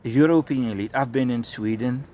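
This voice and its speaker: A man's voice: medium pitch, brisk, warm tone, a little hiss or hum. A man who calls himself a prophet, ranting in a monologue, swearing often and repeatedly insisting he is telling the truth. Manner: profane, emphatic, keeps insisting he is telling the truth. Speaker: self-described prophet and street preacher.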